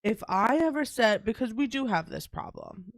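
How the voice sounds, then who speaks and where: A woman's voice: a little high, very animated, moderate pace, vocal fry. Blunt, swearing New York woman. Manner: blunt, profane, teasing. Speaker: podcast co-host. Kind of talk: casual chat.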